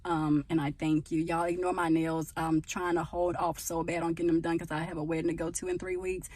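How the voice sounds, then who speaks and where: A woman's voice: fairly low pitch, little pitch movement, fairly quick, a little mellow, no room sound. A woman chatting casually to her viewers on a phone camera outdoors, with rambling asides, calling them y'all. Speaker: vlogger. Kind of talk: casual faith-sharing vlog to viewers. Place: outdoors at her parents' home.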